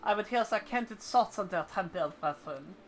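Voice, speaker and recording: A woman reading aloud as a formal, measured male military commander from a video game, with faint game music behind her. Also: medium pitch, lively intonation, lightly acted, poor audio. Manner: reads quest dialogue aloud in a formal, deliberate tone.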